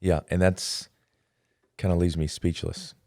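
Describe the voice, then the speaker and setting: A man's voice: low-pitched, level tone, unhurried, creaky, mellow, dry recording, studio quality. A man hosting a podcast interview, talking in a reflective, hesitant way with many fillers. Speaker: podcast host. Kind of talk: casual interview talk.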